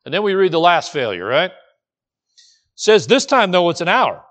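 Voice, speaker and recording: A man's voice: high voice, very animated, moderate pace, a bit bright. A man preaching a sermon, acting out the quoted voices with frequent restarts. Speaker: pastor.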